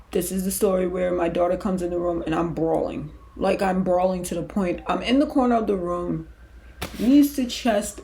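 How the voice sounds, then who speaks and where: Gravelly-voiced woman sharing a faith testimony. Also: fairly low pitch, darkish tone. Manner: candid, emotional storytelling; loose, conversational with restarts. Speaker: podcast host.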